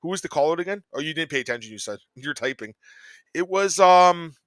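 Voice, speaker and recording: Fast-talking excitable male podcast host. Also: fairly high pitch, no echo. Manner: excitable, animated fan talk. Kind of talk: casual sports chat.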